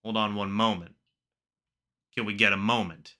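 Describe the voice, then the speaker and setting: A man hosting a live reaction stream, calling the plays himself and chatting with viewers. He gets excited during plays and mutters quietly in the asides. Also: fairly low pitch, normal speed. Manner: excitable, bursts up when plays happen, then mutters asides. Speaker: live stream host doing play-by-play. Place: home, watching the game on screen.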